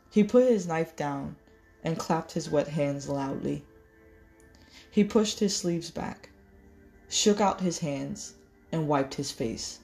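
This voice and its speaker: A woman reading a novel aloud in measured storytelling, correcting small slips as she goes. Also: sits low, gravelly, a little mellow, soft background music. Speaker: audiobook reader.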